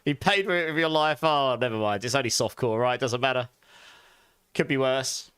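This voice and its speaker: A man's voice: mid-range voice, normal speed, fairly bright tone, smooth, dry recording. Male game streamer, loose chat with frequent laughs, dry close-up sound. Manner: chatty, greets viewers, laughs often. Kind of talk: casual live stream chat while gaming.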